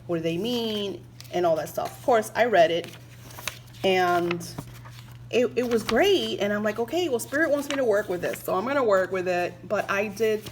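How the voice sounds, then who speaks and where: A woman talking to her viewers about her spiritual practice in a casual, gushing way, full of fillers. She gets emotional easily and reads book passages aloud in the same warm, chatty voice. A faint hiss sits under the recording. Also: medium pitch, animated, normal speed, poor audio. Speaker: spiritual vlogger.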